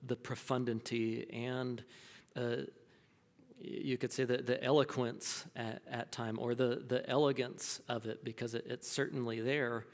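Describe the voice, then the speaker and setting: A man's voice: medium pitch, creaky, long reverb tail. A man teaching a class, answering a student's question, thinking aloud with many restarts and fillers.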